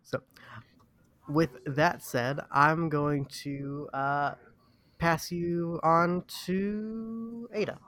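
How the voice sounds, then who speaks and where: A man hosting a tabletop game podcast, rambling and halting in casual chat with friends, laughing at himself. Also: fairly high pitch, steady tone, a bit bright, no echo. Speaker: podcast host and player.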